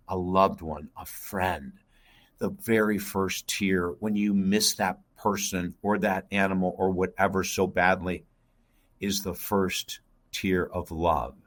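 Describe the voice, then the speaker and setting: Earnest low-voiced man telling a story. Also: fairly even intonation, slow. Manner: earnest, intense, addresses host by name. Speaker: guest, life coach. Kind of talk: emotional personal storytelling.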